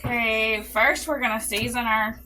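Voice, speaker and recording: Southern woman, Alabama accent, slightly high and bright, walking viewers through dinner at home. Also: little pitch movement, normal speed, faint music behind, low-quality recording. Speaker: home cooking vlogger. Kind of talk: casual cook-along narration. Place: home kitchen.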